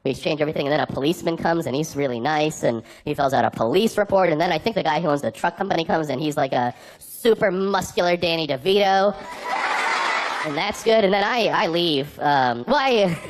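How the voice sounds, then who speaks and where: A man's voice: on the high side, expressive, fairly quick. A man doing a stand-up comedy set, telling rambling anecdotes full of "like" fillers. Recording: noisy live recording with clicks.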